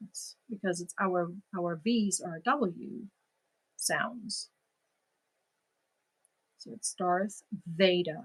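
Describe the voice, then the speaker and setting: A native German speaker with a German accent hosts a crochet livestream, chatting casually with viewers, answering comments, and laughing at herself. Her voice is on the low side, pushed and bright, with a breathy edge.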